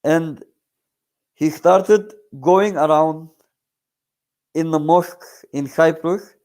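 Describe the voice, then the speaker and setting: A man's voice: a little high, a little mellow. Earnest man telling a spiritual story. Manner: earnest, halting with fillers. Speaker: grandson of the shaykh, guest storyteller. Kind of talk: casual spoken storytelling.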